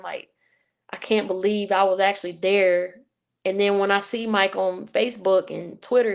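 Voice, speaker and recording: Southern Virginia woman, chatty interview guest. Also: medium pitch. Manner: chatty storyteller, many fillers like "you know". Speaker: guest, sports writer and podcast host. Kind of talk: casual interview chat.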